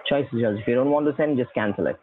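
A man's voice: mid-range voice, very fast, a little hiss or hum. A man with an Indian accent on a phone call, weary and insistent, using formal polite phrasing. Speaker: scam caller. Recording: tinny phone line.

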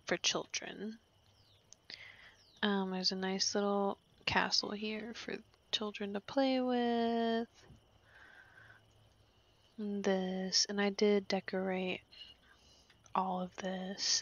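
A young woman who hosts a gaming channel gives casual let's-play commentary on a life-simulation game, often whispering and sounding amused. Her voice is medium-pitched and fairly bright, though the recording is muffled.

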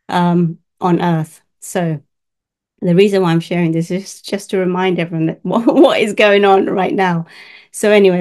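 A woman working as a spiritual healer, telling a story casually to camera, lively and laughing often, acting out the voices she quotes. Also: lowish voice.

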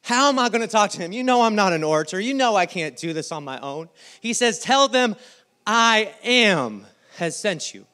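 A male pastor preaching a sermon, telling the story with lively quoted voices. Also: high voice, normal speed, clear, resonant tone. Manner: animated storytelling, acting out the scene in quoted voices.

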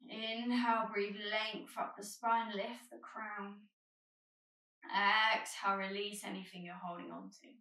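A woman yoga teacher giving calm, gentle spoken cues through a guided flow. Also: medium pitch, measured pace, reverberant, recorded from a distance, rough recording.

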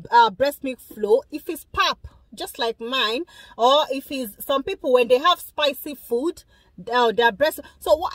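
A young woman talks straight to her viewers, emphatic and animated as she reacts to a video. Her voice sits high, and the recording is dry with no room echo. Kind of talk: casual opinionated commentary.

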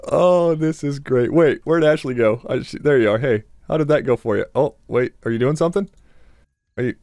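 A man's voice: medium pitch, normal speed, darkish tone, no room sound, clean studio sound. A young man doing crude, joking let's play commentary, laughing and talking back to game characters. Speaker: gamer.

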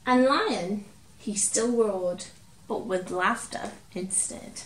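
A woman reading a picture book aloud to children, expressive, dramatic and gentle. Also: mid-range voice, slow pace, a little hiss or hum. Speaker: children's storyteller. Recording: roomy, distant from mic, faint ambience.

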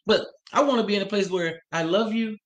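A man's voice: high-pitched, a little fast. A man co-teaching a live-streamed church family course, enthusiastic and preacherly, speaking straight to online viewers with side remarks. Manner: enthusiastic, preacherly interjections and asides.

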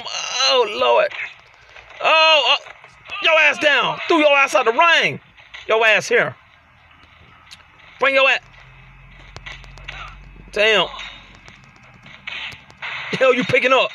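A man hosting a gaming channel, giving excited let's-play commentary while trash-talking his opponent and yelling out exclamations. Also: very high voice, measured pace, pauses often, slight background noise. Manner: loud trash-talking, frequent shouted exclamations.

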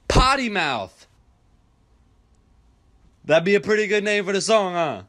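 A man's voice: high voice, very animated, a little slow, pauses often, a bit bright. A man in his twenties doing profane comedic rants and skits straight to camera. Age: 20s. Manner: brash, profane, ranting. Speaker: comedy skit creator. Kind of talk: casual comedic monologue to camera.

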